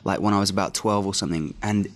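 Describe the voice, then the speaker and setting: A young man answers junket questions in a low-ish voice. He talks loosely, wandering from thought to thought with plenty of fillers. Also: steady tone, quick pace. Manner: loose, rambling, filler-heavy. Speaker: actor interviewee. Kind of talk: press junket interview.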